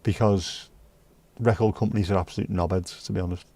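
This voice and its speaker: A man's voice: sits low, steady tone, brisk, creaky, dark tone. A man hosting a live stream, chatting casually and joking with viewers as he reads their messages. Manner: chatty, joking, banters with chat and sings snatches. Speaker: livestream host reading chat. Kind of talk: casual chat.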